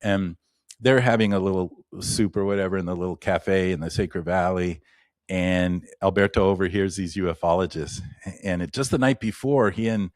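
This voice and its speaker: Low-voiced man telling stories, dry sound. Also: normal speed, darkish tone, no room sound. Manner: rambling, with many restarts and asides; livens up when retelling anecdotes. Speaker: shamanic practitioner guest. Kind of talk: casual interview storytelling.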